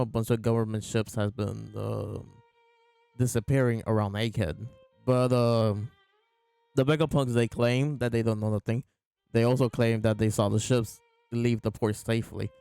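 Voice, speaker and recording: A man's voice: lowish voice, creaky, dark tone, clear, resonant tone, no room sound. A man hosting a casual chapter review, retelling scenes by quoting the characters in his own voice over faint background music. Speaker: host reviewing comic chapters.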